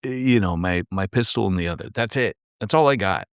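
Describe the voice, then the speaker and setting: A man's voice: fairly low pitch, a little fast, smooth, dry recording, clean studio sound. A man co-hosting a podcast, chatting casually and telling rambling stories with lots of restarts. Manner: animated, rambling storyteller with many restarts. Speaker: podcast co-host. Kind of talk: casual chat.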